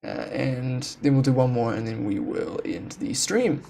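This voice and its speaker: A game streamer chats casually from a home room, rambling, restarting, laughing often, and poking fun at themself. The voice is medium-pitched, expressive, and mellow with vocal fry, at a moderate pace, over a slight hiss or hum.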